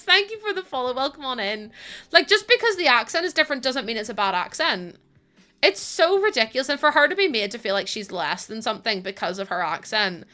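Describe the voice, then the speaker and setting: Speaking with a British English accent and a fairly high pitch, a young woman live-streams a game while talking easily with her audience. Her manner is lively and chatty, full of laughter and casual swearing.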